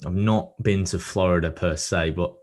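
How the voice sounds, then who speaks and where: A man's voice: low-pitched, steady tone, moderate pace, a little mellow. A man hosting a podcast, chatting casually and upbeat with a remote guest. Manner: upbeat, chatty host patter. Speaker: podcast host. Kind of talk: casual interview chat.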